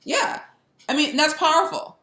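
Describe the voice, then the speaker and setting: Woman host, bright tense voice, animated chat, echoey room. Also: high-pitched. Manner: animated, laughing, quick to mimic others. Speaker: podcast host. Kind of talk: casual political chat.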